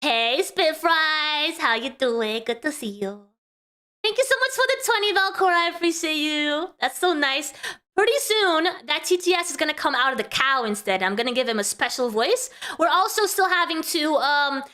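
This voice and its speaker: A woman's voice: high-pitched, expressive, normal speed, pushed and bright. A woman hosting a casual commentary stream, chatty and talking to her chat, laughing often. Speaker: vtuber host.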